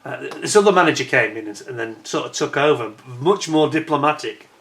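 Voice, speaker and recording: A man's voice: medium pitch, expressive, brisk, a bit bright. A middle-aged man from Britain telling a rambling, chatty story over holiday photos, correcting himself as he goes. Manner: chatty, rambling, self-correcting, indignant when retelling complaints. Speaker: vlogger.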